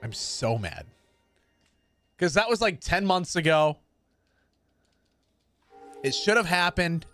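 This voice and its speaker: A man's voice: a little high, very animated, takes it slowly, long pauses, a bit bright, soft background music. A man in his thirties, a livestream gamer chatting casually with viewers in a sassy, sarcastic way. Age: 30s. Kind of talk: casual stream chat with viewers.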